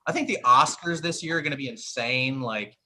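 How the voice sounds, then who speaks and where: A man doing stand-up bits as a comedy guest, animated and profane, mocking himself as he goes. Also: mid-range voice, brisk. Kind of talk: stand-up bits on a live show.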